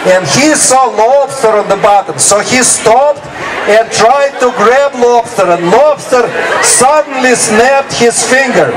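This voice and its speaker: High-voiced man presenting to an outdoor crowd. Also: lively intonation. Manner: explains each piece in plain words, then recites it, slowly and then fast. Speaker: stage presenter. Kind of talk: presenting to a live audience. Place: outdoor festival. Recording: distant outdoor recording with crowd noise.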